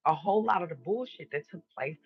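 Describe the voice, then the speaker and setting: A man's voice: high-pitched, quick pace, dull audio. A man hosting a live stream, giving an emphatic spiritual monologue and repeating his declarations, with casual swearing.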